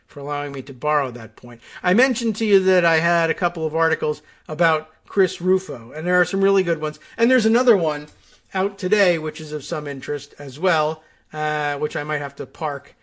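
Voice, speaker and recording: A man's voice: a little high, moderate pace, a bit bright. A man hosting a political talk show, commenting sarcastically and thinking aloud with fillers. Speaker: podcast host.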